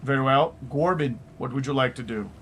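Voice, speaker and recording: A man running a live tabletop game as game master, with a measured delivery and "very well" as his recurring cue. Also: mid-range voice, a bit bright, breathy edge.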